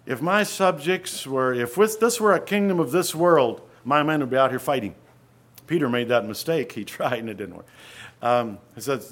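A man preaching an earnest sermon, often dropping to a hush and then rising to loud emphasis. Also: medium pitch, animated, moderate pace.

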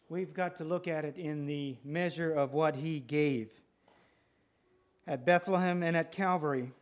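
A male preacher delivering a sermon with a deliberate, emphatic manner, often repeating phrases for effect. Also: fairly high pitch.

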